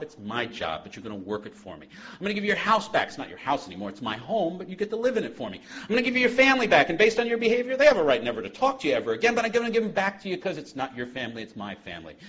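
A man voicing God as a calm, fatherly figure bargaining with a drunk, speaking softly and low in a live talk. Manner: soft, low, intimate delivery. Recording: dull lo-fi live talk recording.

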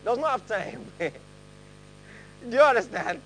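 A man's voice: high voice, sing-song, unhurried, pushed and bright, slight background noise, rough recording. A man preaching a sermon, laughing often and leading his congregation in reading aloud together. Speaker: pastor. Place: church hall with a congregation.

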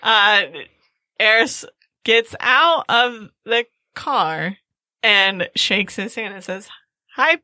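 A woman's voice: medium pitch, very slow, pushed and bright, no room sound. A woman playing in a tabletop role-playing game, chatty and laughing often. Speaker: player. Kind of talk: casual tabletop role-play.

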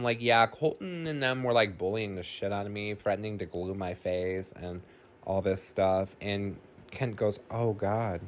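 A man casually recapping a horror film as a host, animated and chatty, acting out the characters' lines between narration. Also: lowish voice, slight background noise. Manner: animated, swears and laughs, acts out characters' lines.

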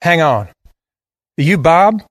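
A man's voice: fairly high pitch, animated, takes it slowly, dry recording, clean studio sound, voice pushed up. A man voicing a defiant, sneering teenage farm boy with a Southern drawl. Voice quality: drawling, cocky.

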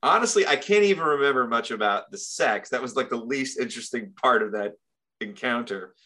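A man recounting a story in casual podcast talk, bright and forceful in tone. He rambles and swears freely, with an animated push to his delivery. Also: mid-range voice, fairly quick.

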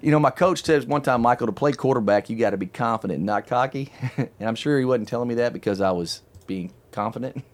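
A middle-aged man hosting a casual chat, telling a long story in an animated, chatty way and laughing often. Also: medium pitch, fast. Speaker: podcast host telling a story.

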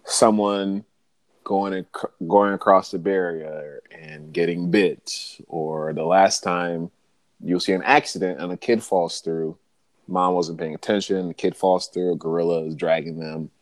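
A man hosting a podcast, telling a story with animated jokes, swearing and laughter in a casual chat. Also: sits low, measured pace, no room sound. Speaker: podcast host.

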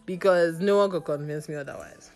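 A woman hosting a podcast, telling a dating story in a casual, animated, playfully sassy way. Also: lowish voice, fairly quick, faint music behind. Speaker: podcast host.

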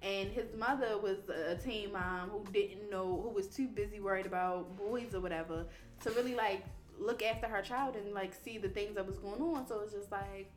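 A woman podcast host telling a story in casual, animated chat, swearing freely. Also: medium pitch, normal speed, soft background music. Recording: roomy echo.

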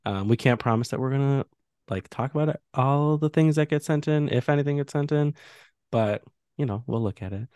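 A man's voice: mid-range voice, brisk, darkish tone, clean tone, dry recording. A young man with a Chicago accent, co-hosting a podcast in easygoing casual chat with lots of fillers. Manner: easygoing, many fillers, playful. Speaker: podcast co-host.

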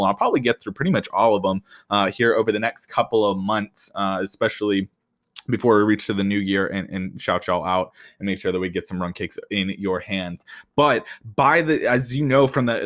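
A man hosting his own podcast in a casual, energetic way, getting excitable and swearing freely as he talks straight to his listeners. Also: fairly low pitch. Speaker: podcast host. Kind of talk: casual solo podcast talk.

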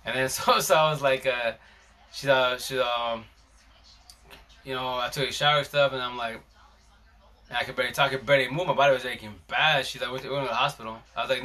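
Male live-stream host, bright tense tone, slangy rambling storyteller. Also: medium pitch, fairly even intonation, fast. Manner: rambling, slangy, frequent restarts. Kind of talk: casual storytelling chat.

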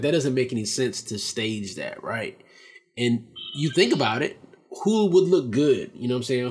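A man's voice: medium pitch, breathy edge. A man co-hosting a casual podcast chat, arguing his point in an emphatic, profane way. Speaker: podcast co-host.

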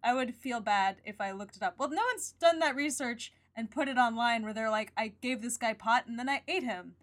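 High-voiced young woman, wry and animated. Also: brisk. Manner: animated, wry, swears casually. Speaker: podcast co-host. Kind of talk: casual chat.

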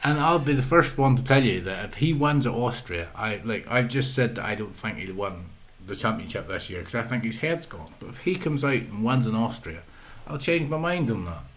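A man's voice: mid-range voice, animated, fairly quick, fairly bright tone. A man from Ireland, co-hosting a podcast in casual, teasing, rambling banter. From Northern Ireland. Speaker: podcast co-host.

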